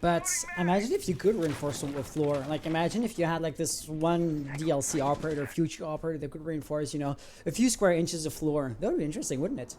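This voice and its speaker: A man giving live esports commentary, breaking down tactics and rising to excited calls on big plays. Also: on the high side, fast, hardly any pauses, slight background noise. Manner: analytical, builds to excited shouts on big plays. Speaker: esports caster.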